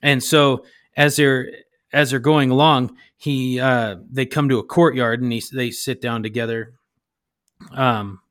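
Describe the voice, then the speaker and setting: Podcast host, man, mid pitch, rambling scripture retelling, dry close sound. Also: a bit bright, no echo. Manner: rambling, searches for words, paraphrasing. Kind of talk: casual Bible discussion.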